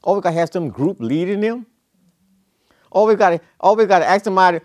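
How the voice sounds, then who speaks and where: A man's voice: high voice, lively intonation, normal speed, long pauses, no echo, clean studio sound. A middle-aged man preaching a sermon, folksy and conversational, then rising to emphatic peaks.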